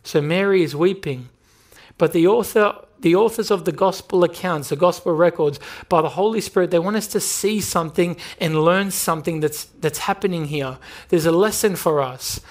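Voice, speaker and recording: Australian male pastor, slightly high voice, earnest emphatic sermon delivery. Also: normal speed. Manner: earnest, emphatic preaching with repeated phrases. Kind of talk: sermon with prayer.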